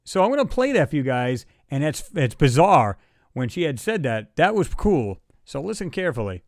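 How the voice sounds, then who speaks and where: A man's voice: on the high side, very animated, moderate pace, no echo, clean studio sound. A man hosting a casual livestream chat, talking in a loose, rambling way and reading viewer comments aloud. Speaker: livestream host.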